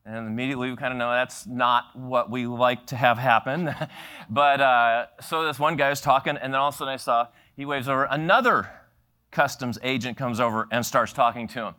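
A middle-aged man preaching a sermon through a long personal story. His tone is bright and forceful, and he slips into little acted-out voices for the people he quotes, chuckling as he goes. The pitch sits in a middle register. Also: brisk, clear, resonant tone. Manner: animated storyteller acting out quoted voices, laughing often. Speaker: pastor.

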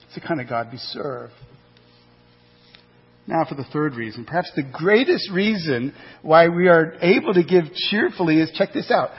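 A man preaching from the pulpit, slightly higher-pitched than most, with a husky edge. He's animated, throws rhetorical questions at the congregation and acts out little asides. The recording is dull and muffled, with long reverb from the church hall. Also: moderate pace. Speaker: pastor. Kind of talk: sermon. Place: church sanctuary.

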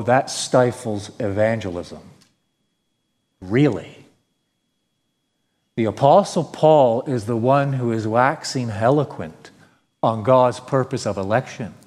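A man's voice: medium pitch, darkish tone. A male pastor preaching a sermon, earnest and emphatic, asking rhetorical questions. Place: church sanctuary. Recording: long reverb of a church hall.

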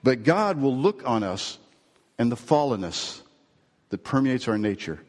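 A male pastor preaches earnestly, moving from storytelling into emphatic points that fall away into low, slowed endings. His voice sits at an ordinary pitch. It carries the long reverb of a large hall. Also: very animated, darkish tone. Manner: earnest, builds to emphatic phrases, then drops low and slow. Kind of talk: sermon with storytelling.

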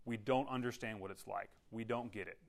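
A man preaching a sermon in an easygoing, conversational way. He walks his listeners through the text, stopping often with quick check-ins and restarting his sentences as he explains. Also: fairly low pitch, creaky. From United States. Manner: conversational teaching with frequent "okay?" check-ins; restarts and filler-heavy, explanatory. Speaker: pastor.

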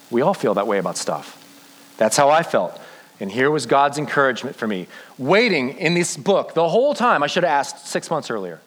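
A man preaching a sermon as a pastor, telling his story earnestly and slowing down for emphasis. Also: medium pitch, animated, poor audio.

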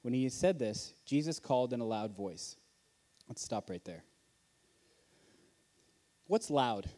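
A conference speaker delivers an earnest sermon in a hall, talking conversationally and asking rhetorical questions. He has a warm, medium-pitched voice, animated but a little slow.

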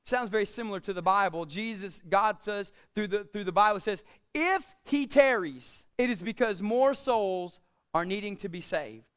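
A male pastor with a strikingly high voice preaches, building to loud, emphatic declarations before dropping into quieter, joking asides. His tone is smooth and resonant, and he quotes scripture with rising force. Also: normal speed. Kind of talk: sermon.

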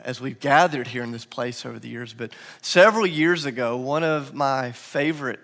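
A man in his thirties preaching a sermon to his church, telling stories and acting out quotes in lively voices. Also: on the high side. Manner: animated storytelling, acts out quotes in lively voices. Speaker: pastor. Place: church sanctuary. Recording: long hall reverb.

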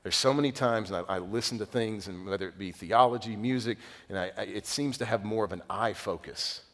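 Pastor preaching in a big echoing hall. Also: male voice, fairly low pitch, fairly quick. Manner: conversational, animated storytelling with sudden quiet emphasis. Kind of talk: sermon.

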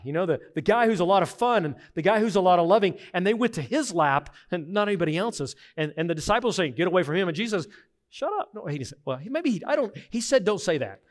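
A middle-aged man preaching a sermon as pastor, earnest and emphatic, swinging between hushed reflection and forceful insistence. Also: high-pitched.

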